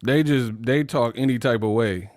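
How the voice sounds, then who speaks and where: A young man hosting a live boxing stream, talking in animated slang. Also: medium pitch, normal speed, dry recording. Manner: animated, slangy, laughs at his own jokes. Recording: dry close mic.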